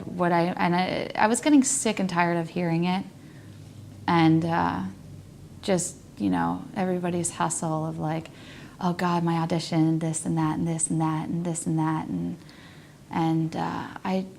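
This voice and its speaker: A woman's voice: lowish voice, gravelly, a little mellow, a little hiss or hum. A young woman talking reflectively in a rambling personal monologue, often saying "like" and dropping to a near whisper. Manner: rambling, frequent "like", laughs, drops to near whisper.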